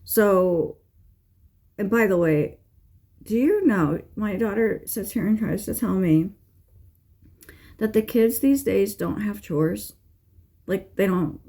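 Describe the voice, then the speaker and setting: A woman's voice: medium pitch, expressive, takes it slowly, long pauses, dark tone. A middle-aged woman, a tarot reader, chatting casually and venting bluntly, with rambling asides and frequent swearing. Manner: frank, swears freely, exasperated venting; rambling with fillers and restarts. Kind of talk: casual chat.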